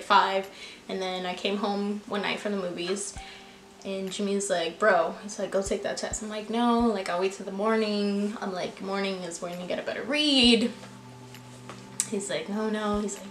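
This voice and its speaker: A woman's voice: medium pitch, a bit bright, roomy sound, slight background noise, low-quality recording. A young woman vlogger telling a personal story in a casual, chatty way, full of fillers, often quoting herself. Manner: chatty, filler-heavy, quotes herself with "I'm like".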